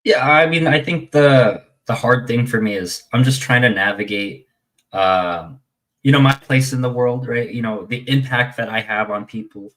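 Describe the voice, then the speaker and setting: A man's voice: mid-range voice, normal speed, a bit bright. Young man, guest, hesitant, rambling, fillers. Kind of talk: casual chat.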